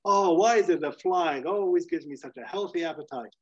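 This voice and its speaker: A man's voice: fairly high pitch, a little fast, husky, voice pushed up. A man voicing a cheerful, clumsy middle-aged family man who chirps and boasts without noticing anything is wrong. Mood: chirpy. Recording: slightly dull lo-fi sound.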